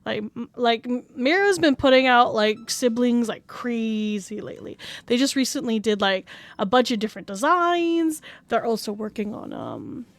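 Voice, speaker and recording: A woman streamer chatting casually on a livestream, excitable and gushing. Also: a little high, normal speed, dry recording. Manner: excitable, gushing, breaks into squeals and laughs. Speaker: VTuber streamer.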